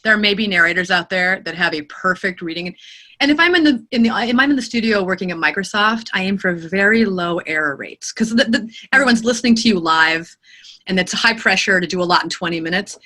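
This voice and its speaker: A woman who narrates audiobooks, answering interview questions in an expressive, animated way. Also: medium pitch, brisk.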